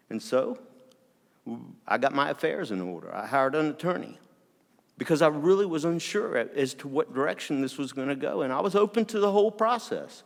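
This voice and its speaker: A man telling a personal story to an audience in a candid, earnest way, often halting and restarting his sentences. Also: a little high, lively intonation, vocal fry. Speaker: speaker sharing a personal story. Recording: long hall reverb.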